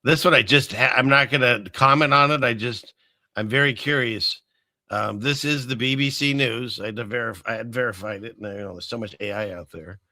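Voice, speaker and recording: Bright-voiced man hosting a rambling commentary. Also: mid-range voice, a little fast, dry recording. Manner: rambling, chuckling, sarcastic asides. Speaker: host. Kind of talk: casual commentary show.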